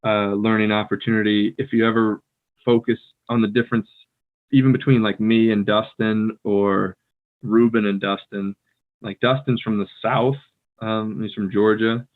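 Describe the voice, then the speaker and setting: An American man co-hosting a casual language-learning podcast, talking in a relaxed way with lots of fillers. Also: on the low side, normal speed. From United States. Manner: relaxed, filler-heavy, playfully mimics others. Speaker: podcast co-host, English native speaker. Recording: tinny phone-like call audio.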